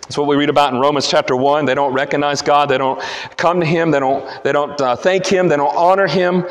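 A man's voice: fairly high pitch, fairly even intonation, a little fast, in a large hall. A man giving an earnest expository sermon as a preacher, often restarting his phrases while he explains the text. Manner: earnest teaching, frequent restarts.

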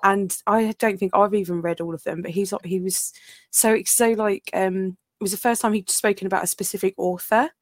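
A woman's voice: medium pitch, fairly even intonation, moderate pace, no echo. Female co-host, bubbly chatty storyteller, dry close mic. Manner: bubbly, laughing, sweary storyteller. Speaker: podcast co-host. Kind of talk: casual chat.

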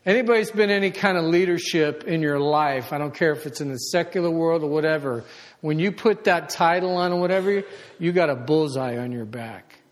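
A man preaching a conversational sermon, animated and acting out the voices of people he quotes. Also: a little high, brisk. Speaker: pastor. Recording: long hall reverb.

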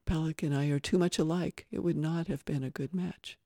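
Man, story podcast reader, higher mellow voice, gentle expressive delivery, dry sound. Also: a little fast, no echo. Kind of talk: reading a novel excerpt aloud.

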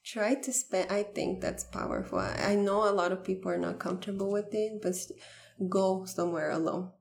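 A woman's voice: medium pitch, steady tone, moderate pace, gravelly, a little mellow, slight background noise. A young woman guest in a casual interview, speaking heartfelt and personal with many "like" fillers. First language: Bulgarian. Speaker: podcast guest.

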